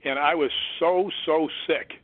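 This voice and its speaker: A man's voice: on the high side, unhurried, dry recording. Man telling a story over a tinny phone line. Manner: animated, acts out quoted voices. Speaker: guest, stuntman and ghost hunter.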